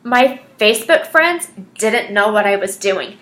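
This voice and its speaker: A woman's voice: medium pitch, animated, unhurried, fairly bright tone. A woman telling her personal story as a fitness coach, earnest and chatty with lots of fillers. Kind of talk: personal story, casual monologue.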